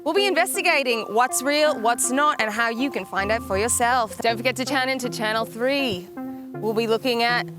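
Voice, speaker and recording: A woman's voice: a little high, moderate pace, natural voice. A woman voicing a chirpy female TV announcer in a put-on British voice, over background music. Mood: announcing. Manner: bright promo patter in a put-on British voice.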